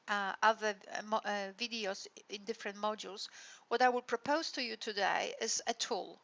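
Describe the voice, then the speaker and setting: A woman's voice: mid-range voice, fairly bright tone, lo-fi sound. A woman lecturer explaining a teaching model in a recorded lecture, often checking in with tag questions. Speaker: university lecturer.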